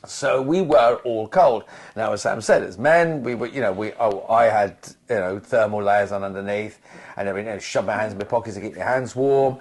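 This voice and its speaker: A man's voice: on the low side, brisk. A man co-hosting a podcast, telling a long anecdote in a rambling way, full of restarts and asides. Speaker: podcast co-host.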